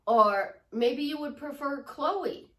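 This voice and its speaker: A woman's voice: sits high, takes it slowly, far from the mic. A woman from Chicago, a relationship life coach, giving an upbeat, gushing motivational vlog talk. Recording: echoey room, voice away from mic.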